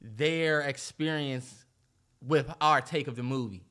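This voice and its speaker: A man's voice: medium pitch, slow pace, pushed and bright. A man co-hosting a podcast in casual chat, laid-back and easygoing with plenty of slang. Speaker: podcast co-host.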